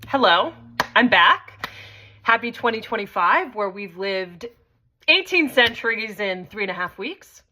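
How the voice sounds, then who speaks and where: A woman's voice: medium pitch, expressive, measured pace, pushed and bright. A woman hosting her own vlog, telling a story in a conversational way and swearing freely. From United States. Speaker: host. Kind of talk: casual vlog monologue.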